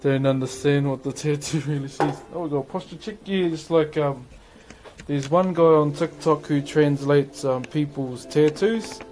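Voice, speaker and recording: A man's voice: fairly high pitch, normal speed, music in the background. Laid-back New Zealand man chatting on stream. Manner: laid-back, chatty, laughs easily, slangy. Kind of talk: casual livestream chat answering viewers.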